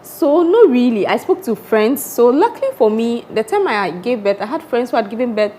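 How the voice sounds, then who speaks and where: A woman's voice: fairly high pitch, very animated, normal speed, dark tone, slight background noise. Doctor mother sharing her story. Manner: open, reflective storytelling. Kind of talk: candid talk-show chat.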